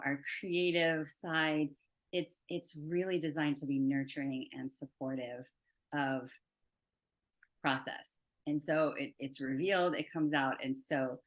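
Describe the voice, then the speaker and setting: A woman guest, a psychotherapist and art teacher, speaking in a reflective, soft-spoken way. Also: deep voice. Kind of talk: interview conversation.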